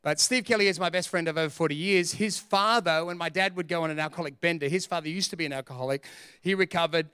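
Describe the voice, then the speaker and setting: A middle-aged man, preaching a sermon as pastor in an energetic, joking, emphatic way. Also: a little high, fast, clean tone, no room sound, studio quality.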